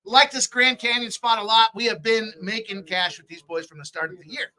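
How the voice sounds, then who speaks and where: A man's voice: sits high, steady tone, fairly quick, bright, forceful tone, rough recording. A man hosting a live sports betting stream, upbeat as he hypes his picks and reads out chat comments. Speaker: sports betting show host.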